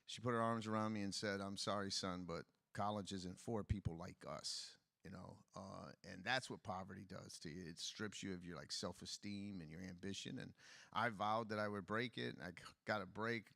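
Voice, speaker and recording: A man's voice: fairly low pitch, fairly even intonation, a little fast, gravelly, bright, forceful tone, no echo, clean studio sound. A man running for office, speaking candidly about his life at a conference interview. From Detroit, USA. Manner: candid, personal storytelling. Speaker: political candidate. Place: conference stage.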